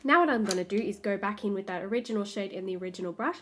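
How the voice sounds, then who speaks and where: A woman's voice: medium pitch, racing, background noise. An Australian woman, a makeup artist, chatting through a makeup tutorial step by step as she works. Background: soft background music.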